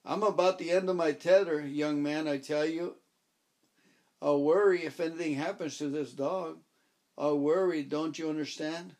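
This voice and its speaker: A man's voice: fairly high pitch, fairly even intonation, normal speed, a little mellow, natural voice. A man voicing an anxious, insistent older woman who pleads and wails over her dog in a storybook reading. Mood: desperate. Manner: pleading, stubborn, wailing.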